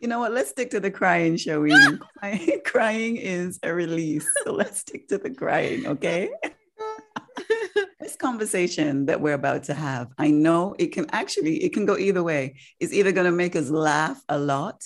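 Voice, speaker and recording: A woman's voice: lowish voice, big pitch swings, normal speed, a bit bright. A woman hosting a casual podcast chat, chatty and emphatic, often laughing. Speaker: podcast host.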